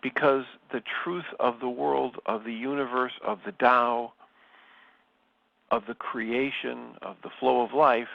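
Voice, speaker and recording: A man leading a spiritual study, reading passages and reflecting on them in a slow, measured and thoughtful way. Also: medium pitch, fairly even intonation, gravelly, no room sound. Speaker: study group leader. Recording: slightly dull, lo-fi sound.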